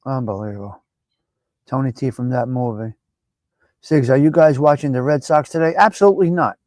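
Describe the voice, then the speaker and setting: A man hosting a casual live-stream chat, brash, profane and animated as he talks back at viewers by name. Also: mid-range voice, normal speed, dry recording. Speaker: live show host.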